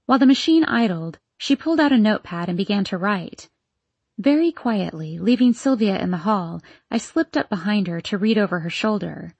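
A woman's voice: mid-range voice, expressive, moderate pace, vocal fry, a little mellow, husky, no echo. Woman narrating a novel, dry sound. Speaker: audiobook narrator. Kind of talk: first-person novel narration.

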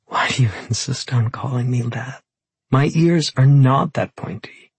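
Storybook role: jealous, sharp-tongued young woman, done by a man, raised and forceful, accusing. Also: medium pitch, a little slow, vocal fry, slightly rough, no room sound, voice pushed up, heavily acted. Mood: teasing. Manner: heated, accusing.

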